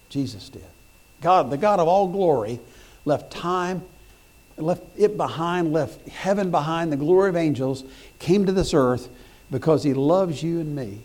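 Preaching in a somewhat high male voice, a middle-aged pastor spins folksy tales marked by repeated words and restarts, then climbs to loud, emphatic points.

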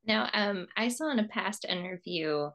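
A woman's voice: mid-range voice, moderate pace, a bit bright. A woman hosting an interview, talking in a rambling, effusive way and repeating words as she thinks. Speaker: podcast host. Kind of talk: interview host, casual conversation.

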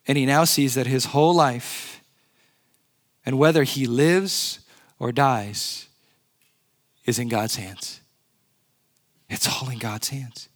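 A man's voice: mid-range voice, slow pace, long pauses. A man preaching a sermon, earnest and repeating key phrases for emphasis. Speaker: pastor.

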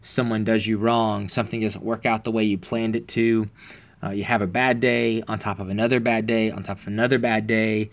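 Man, preacher, conversational sermon, earnest, relaxed storytelling, frequent pauses and fillers. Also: fairly low pitch, gravelly.

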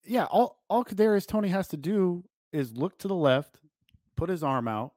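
A man's voice: sits high, animated, normal speed, a little mellow, dry recording, clean studio sound. A man co-hosting a sports podcast, explaining a call in a laid-back way.

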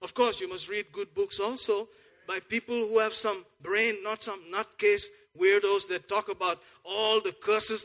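A man delivers a sermon in a high, bright voice. He jokes and muses quietly, then bursts into loud, rousing exclamations. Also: unhurried. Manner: lively, jokey, swings from soft asides to loud exclamations. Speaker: pastor.

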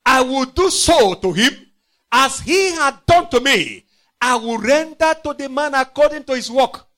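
A man preaching a sermon, emphatic and repetitive, swinging from loud outbursts to quiet, low phrases. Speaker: pastor.

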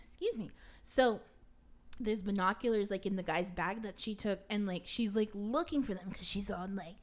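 A woman's voice: mid-range voice, moderate pace. A young adult woman casually retelling a film to a friend, rambling with constant fillers and casual swearing. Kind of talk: casual chat.

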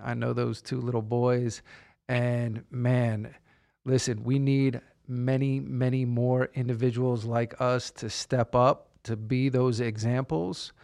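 A man, a guest on an interview podcast, tells a personal story conversationally and acts out the quotes as he goes. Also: mid-range voice. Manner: animated retelling, acts out quotes.

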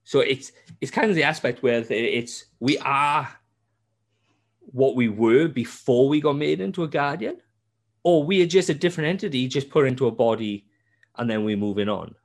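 A man chatting on a podcast about a game he plays. He tells the story in an animated, sweary way, restarting his sentences as he goes. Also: medium pitch, normal speed. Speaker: podcast host. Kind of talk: casual gaming chat.

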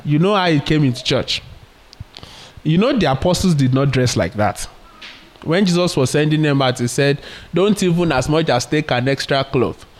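A male preacher delivers an earnest sermon. He talks in a medium pitch, asks his listeners rhetorical questions and builds his point through retold stories. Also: darkish tone.

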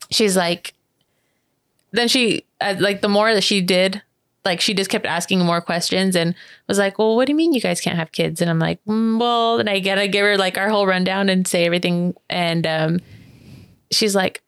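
A woman telling a personal story in casual chat, animated, full of fillers, acting out quoted voices with big pitch jumps. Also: no room sound, studio quality. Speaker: interview guest.

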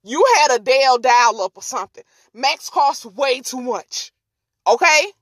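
A woman podcast host telling a story in an animated, slangy, casual way and laughing often. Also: sits high, a little slow, no echo.

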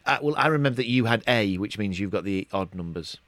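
A man's voice: fairly low pitch, animated, fast talker, a bit bright, no echo. A middle-aged man co-hosting a podcast, rambling in casual chat with lots of restarts and hesitations. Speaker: podcast co-host.

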